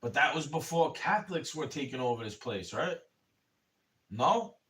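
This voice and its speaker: A man ranting on a livestream, rambling and swearing and calling the listener bro, getting louder in angry bursts. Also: medium pitch, expressive, normal speed. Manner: rambling and profane, keeps saying "bro"; angry, rising to shouting in bursts. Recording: voice a bit far from the mic.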